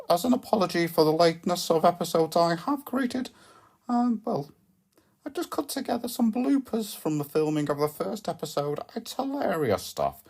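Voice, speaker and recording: A woman hosting a comic podcast, rambling in a deadpan, hesitant way with constant ums and self-corrections. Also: mid-range voice, creaky. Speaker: podcast host.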